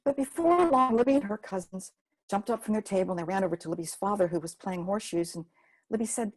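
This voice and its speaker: A woman storyteller narrates a homespun folk tale. Her delivery is expressive and paced for listeners, moving naturally between scene and dialogue. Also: medium pitch, quick pace.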